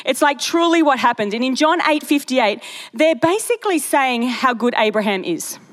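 High-voiced woman preaching. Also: normal speed. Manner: chatty, storytelling, animated asides. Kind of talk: sermon.

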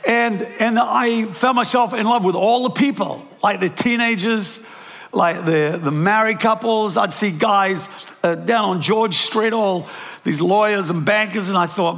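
Older kiwi pastor preaching, fairly high voice, long echo off a big hall. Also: male voice, moderate pace, creaky, a bit bright. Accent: New Zealand. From New Zealand. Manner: anecdotal, self-deprecating, frequent restarts. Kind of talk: sermon. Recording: preached in a large reverberant hall.

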